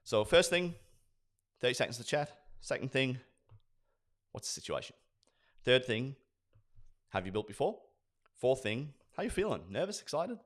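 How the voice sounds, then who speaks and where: A man in his forties, a sales trainer, giving an energetic lesson and acting out sales dialogues. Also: medium pitch, moderate pace. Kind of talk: instructional talk with acted role-play.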